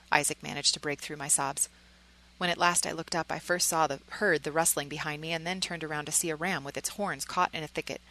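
A woman narrates a story in the first person, earnest and emotionally engaged. Her voice is low-pitched yet bright and crisp. Small slips and restarts come through now and then. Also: steady tone, fairly quick, poor audio.

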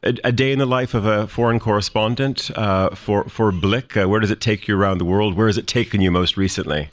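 Low, dry-sounding male radio host; live studio show, hesitant delivery full of fillers. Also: dry recording. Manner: halting, many "uh" fillers.

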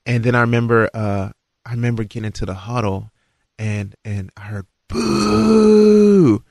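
A man telling a long, animated story about his football days, acting out his own lines. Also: brisk, no room sound, clean studio sound. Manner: animated, acts out dialogue with rising pitch. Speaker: guest recalling his football career. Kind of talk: casual storytelling.

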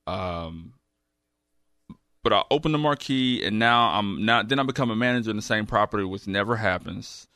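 Soft-spoken man, halting. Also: lowish voice, no room sound, clean studio sound. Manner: halting, many fillers and restarts. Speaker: guest, recovery program graduate. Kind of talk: casual interview conversation.

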